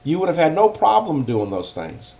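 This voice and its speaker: A man's voice: fairly high pitch, wildly swooping pitch, moderate pace, vocal fry, warm tone, voice pushed up, full character voice. A loyal servant, voiced by a man telling a story, pleading earnestly with his master. He speaks in a persuasive, coaxing way.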